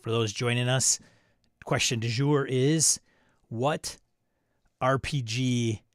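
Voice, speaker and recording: Man, stream host, casual chat, reads comments aloud, riffs and chuckles, mid-pitched voice, dry close sound. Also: dry recording. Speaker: host of a live stream show.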